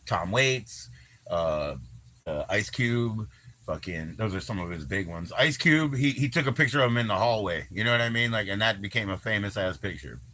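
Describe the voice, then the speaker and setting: A man's voice: lowish voice, lively intonation, normal speed, pushed and bright, a little hiss or hum. A man hosting a livestream, chatting loosely with lots of swearing, fillers and laughter. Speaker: livestream host. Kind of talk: casual rambling livestream chat.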